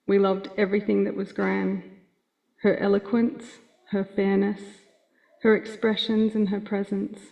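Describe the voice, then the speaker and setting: A woman giving a gentle, affectionate eulogy for her grandmother at a funeral. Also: mid-range voice, monotone, measured pace, vocal fry. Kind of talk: read eulogy. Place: funeral chapel. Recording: dull, muffled audio.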